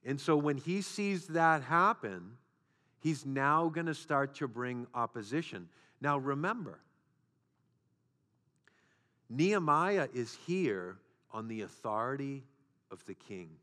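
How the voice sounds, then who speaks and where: A man's voice: mid-range voice, expressive, unhurried, sharp tone. A man preaching a sermon as a pastor, with repeated phrases and rhetorical questions. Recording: long hall reverb.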